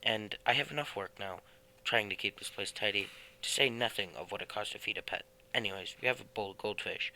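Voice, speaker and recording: A man's voice: lowish voice, fairly quick, vocal fry, full character voice, rough recording. A man voicing a thrifty, worried middle-aged housewife in a storybook, speaking sharply and a little cross. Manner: sharp, scolding.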